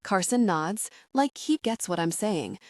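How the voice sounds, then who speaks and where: A woman's voice: medium pitch, expressive, unhurried, no echo, studio quality. Woman reading an intimate romance audiobook. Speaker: audiobook narrator. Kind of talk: first-person romance audiobook narration.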